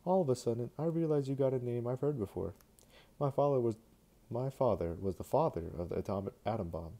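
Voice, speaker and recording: A man's voice: medium pitch, lively intonation, brisk, dark tone. A man reading a novel aloud, voicing a blunt, boisterous drunk middle-aged man who swears freely. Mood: startled.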